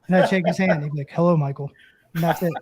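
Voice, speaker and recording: Man, high-pitched, thirties, interview guest, animated storyteller, casual chat. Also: very fast, background noise. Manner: animated storyteller, acts out quoted voices. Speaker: former catcher and broadcast analyst guest.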